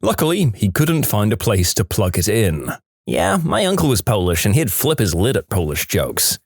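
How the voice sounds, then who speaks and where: A man's voice: fairly low pitch, wildly swooping pitch, normal speed, dry recording, studio quality. A man hosting a joke compilation, reading jokes aloud and laughing at the punchlines.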